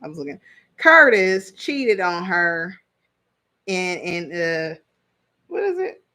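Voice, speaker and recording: A woman's voice: fairly low pitch, sing-song, slow pace, bright, forceful tone. Blunt, chatty woman reviewing reality TV. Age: adult parent. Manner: chatty, blunt, laughs often, trails off searching for names. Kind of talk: casual commentary.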